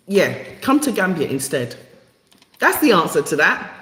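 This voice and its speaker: A woman's voice: on the low side, big pitch swings, moderate pace, a bit bright. A British woman with a Jamaican-tinged accent, chatting casually and bluntly on a live vlog, full of fillers and plain talk. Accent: Jamaican-inflected British. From England. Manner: chatty, blunt and playfully outspoken, with many fillers. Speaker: vlogger and repatriation helper. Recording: echoey room with long reverb.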